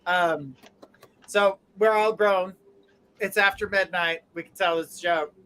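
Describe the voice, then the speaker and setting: A woman's voice: lowish voice, fairly even intonation, slow pace, fairly bright tone, clean tone, low-quality recording. A woman hosting a live stream as a tarot reader, chatting, encouraging viewers and laughing often. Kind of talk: live-stream chat and joke telling.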